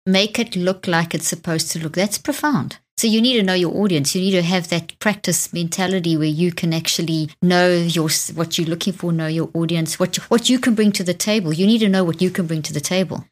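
A woman with a slightly low voice hosting an interview. She is enthusiastic and keeps affirming her guest, and she writes books herself. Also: a little fast, few pauses. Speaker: interviewer and author. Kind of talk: casual chat.

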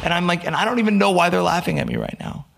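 A young American man, a guest on a podcast, tells stories in a casual chat and acts out the people he quotes. His voice sits high, rapid-fire and creaky, and he's an animated storyteller in this laid-back interview.

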